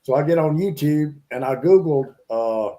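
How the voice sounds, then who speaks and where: Chatty man, slightly high and warm, rambles loosely. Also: moderate pace. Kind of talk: casual chat.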